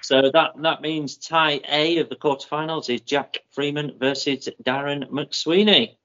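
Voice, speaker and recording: A man co-hosting a running podcast, working through race results in a steady, methodical way with plenty of ums. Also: a little high, slight background noise. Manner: methodical, with many ums and drawn-out names. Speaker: podcast co-host. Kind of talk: casual chat, reading out running results. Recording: muffled lo-fi audio.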